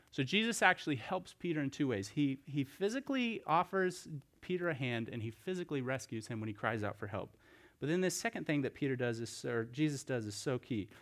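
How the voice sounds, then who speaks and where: A male pastor delivering a sermon in an easy, conversational manner. He retells a scripture story, asks his listeners rhetorical questions and often restarts his sentences. His voice sits at an average pitch for a man. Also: a bit bright.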